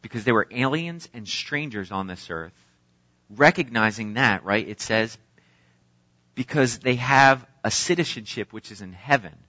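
A man's voice: mid-range voice, lively intonation, a little slow, bright, forceful tone, dry recording. A man preaching a sermon. He reads scripture aloud and then explains it in an earnest, emphatic way, with an occasional filler. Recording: dull lo-fi, dry sound.

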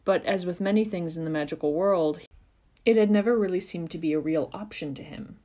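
A woman with a fairly low voice reads a story chapter aloud for a podcast. She takes an expressive, measured pace and leans into the narration. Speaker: podcast reader. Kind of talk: reading fan fiction aloud.

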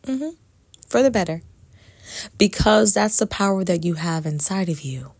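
A woman coaching on faith and abundance in a soft, meditative way, often dropping to a whisper for emphasis. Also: mid-range voice, expressive, normal speed, no room sound. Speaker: spiritual life coach. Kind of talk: slow reflective faith talk to camera.

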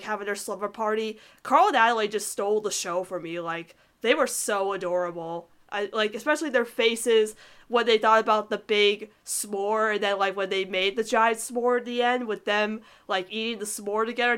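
A young woman in casual chat, reviewing cartoon episodes, gushing with excitement, laughing often and filling her talk with "like". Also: medium pitch, clean tone.

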